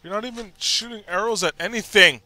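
A man giving jokey, excitable commentary while playing a video game, often talking back to the characters. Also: high voice, a little fast, no echo. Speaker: gameplay commentator. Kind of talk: joking gameplay commentary.

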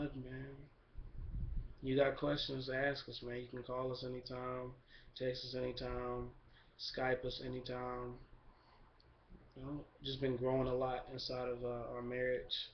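Laid-back young man, flat and rambling. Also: mid-range voice, a little slow, a little hiss or hum. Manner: relaxed, rambling, lots of fillers. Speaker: vlogger. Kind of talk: casual video update. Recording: dull lo-fi camera recording.

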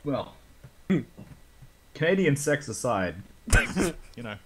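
A gamer joking loudly in casual voice chat, putting on exaggerated mock accents. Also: mid-range voice, sing-song, slow pace, slight background noise. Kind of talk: casual gaming banter. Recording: loud game music behind.

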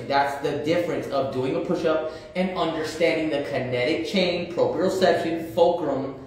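A man's voice: on the high side, slight background noise. Thirtysomething guy going live, cussing, repeating himself, super echoey room. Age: 30s. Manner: blunt, profane, repetitive street slang. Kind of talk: casual livestream talk.

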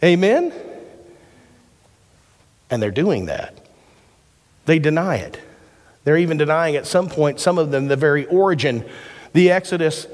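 A man pastor giving a sermon, mixing scripture with folksy stories and jokes. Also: a little high. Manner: folksy storytelling with quick jokes. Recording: church hall reverb.

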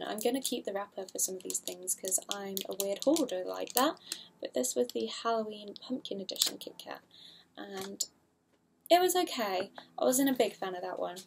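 A woman's voice: mid-range voice, expressive, normal speed, vocal fry, slight background noise. A young woman, chatting casually through a haul video, rambling and giggly, unsure of product names. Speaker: vlogger.

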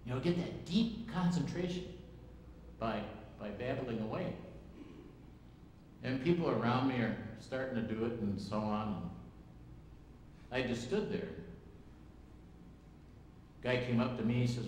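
Slow folksy Wisconsin preacher. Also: male voice, medium pitch, darkish tone. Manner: folksy, plain-spoken storyteller. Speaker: pastor. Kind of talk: sermon with personal stories. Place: church sanctuary. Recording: echoey church hall, faint room noise.

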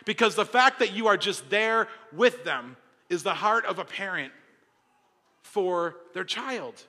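A young male pastor with a high, bright, forceful voice preaches in a casual, conversational way, dropping from loud emphatic lines to hushed, intimate storytelling. The sermon is caught in a large church with a long reverb trailing behind him. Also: expressive, unhurried, creaky.

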